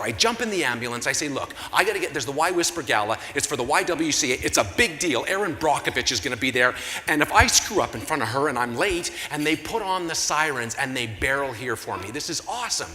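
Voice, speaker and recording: A Canadian man hosts a gala from the stage, spinning an animated, self-mocking story in a bright, forceful voice that sits a little high. His voice rings through a big hall with a long reverb tail, and a faint hum of the room sits underneath. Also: fast talker. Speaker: gala emcee. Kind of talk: comic storytelling to an audience. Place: large convention hall. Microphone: handheld stage mic through PA.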